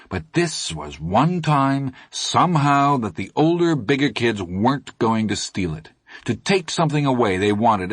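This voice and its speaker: Low-voiced man narrating an audiobook. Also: breathy edge, dry recording, clean studio sound.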